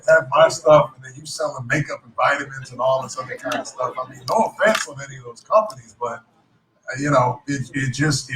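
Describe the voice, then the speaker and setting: A man with a mid-range voice speaks fairly quickly, delivering a joking, motivational talk to a live audience at a business event. He's lively and playful and calls himself a clown. He's heard from a distance in an echoey hall.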